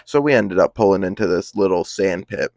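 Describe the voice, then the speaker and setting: A man's voice: low-pitched, expressive, a little fast, gravelly, darkish tone, dry recording. A young man telling a casual story, full of slang and swearing, rambling along. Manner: profane, slang-heavy, rambling.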